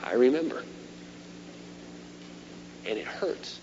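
A middle-aged man preaching a sermon, animated, swinging between loud emphasis and quiet asides. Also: medium pitch, slow. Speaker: pastor. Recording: dull lo-fi sermon tape with faint hum.

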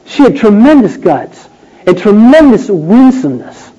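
A man preaching a sermon, emphatic and rhetorical, swinging between loud declarations and hushed questions. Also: sits high, lively intonation, moderate pace, dull audio.

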